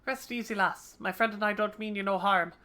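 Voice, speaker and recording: A woman's voice: medium pitch, fairly quick, pushed and bright, close to an everyday voice. Woman reading as a sly, slangy male rogue. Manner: old-fashioned rogue slang, reading game dialogue aloud. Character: slangy roguish male thief, sly and wry.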